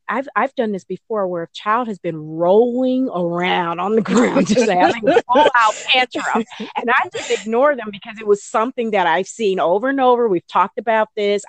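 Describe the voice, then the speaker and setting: A woman, an early childhood educator, answering interview questions in a casual, animated way, often slipping into playful high voices. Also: no room sound.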